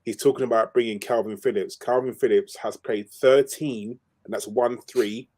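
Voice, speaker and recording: A man's voice: medium pitch, steady tone, moderate pace, darkish tone. A man co-hosting a fan podcast, giving strong football opinions in an emphatic way with fillers. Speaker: podcast co-host. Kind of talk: casual football chat.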